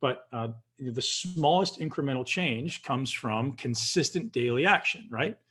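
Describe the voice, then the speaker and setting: Husky guy on a video call, calm and instructive, walking everyone through a breathing drill. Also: medium pitch, measured pace. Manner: calm, instructive, addresses listeners directly. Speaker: guest leading a breathing practice. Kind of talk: coaching instruction.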